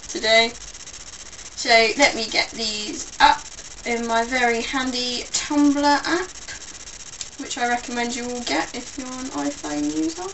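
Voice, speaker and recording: A young woman with a British accent talks to camera in a loose, rambling way, poking fun at herself as she goes. Her voice sits a little high, and the mic is set back from her with a faint hiss behind. It sounds like an easygoing home vlog. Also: fairly bright tone. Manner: rambling and self-mocking. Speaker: vlogger. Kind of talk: casual chat to camera. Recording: distant mic with faint background noise.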